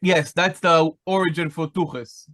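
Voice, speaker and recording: A man teaching biblical Hebrew in an online lesson, explaining slowly with many pauses and fillers. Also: on the high side, fairly even intonation, fairly bright tone. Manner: chants Hebrew text quickly.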